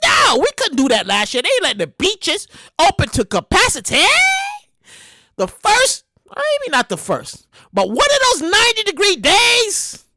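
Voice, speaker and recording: A woman hosting a casual solo podcast, loud, profane and laughing often. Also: extremely high pitch, wildly swooping pitch, a little slow, no room sound, studio quality. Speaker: podcast host.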